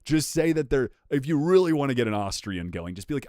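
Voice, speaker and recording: A man's voice: mid-range voice, big pitch swings, fairly quick, darkish tone, dry recording, clean studio sound. A young man streaming live, bantering with chat in a joking, profane way.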